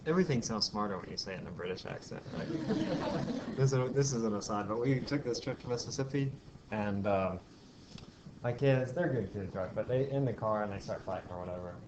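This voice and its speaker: Speaking fast in a fairly low voice, a man walks his class through physics step by step, asking them questions and dropping in the occasional aside. The recording is a dull, lo-fi one from a classroom with faint hiss.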